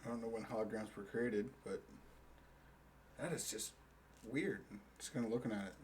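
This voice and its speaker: A man playing in a tabletop game, speaking quickly and quizzically. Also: on the low side, darkish tone, slight background noise. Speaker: player. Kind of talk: tabletop role-play chat.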